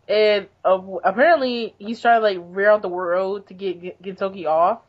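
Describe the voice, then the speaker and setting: A woman's voice: mid-range voice, moderate pace, few pauses, lo-fi sound. A young woman co-hosting a casual podcast, rambling through a manga recap and laughing often. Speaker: podcast co-host.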